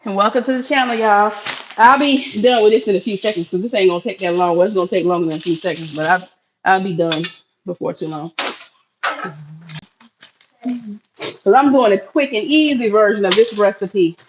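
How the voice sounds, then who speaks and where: A woman's voice: mid-range voice, moderate pace, pauses often, dull audio, a little hiss or hum. A middle-aged woman from Florida chatting casually with viewers on a live stream while she cooks in her home kitchen. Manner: chatty, addresses viewers as y'all.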